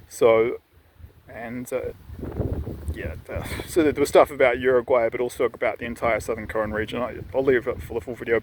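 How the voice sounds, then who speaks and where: A man's voice: medium pitch, poor audio. A man vlogging outdoors, talking casually and rambling with many restarts and asides. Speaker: vlogger sharing dreams. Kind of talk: casual outdoor vlog monologue. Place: outdoors on a windy hillside. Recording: wind noise on the mic. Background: wind.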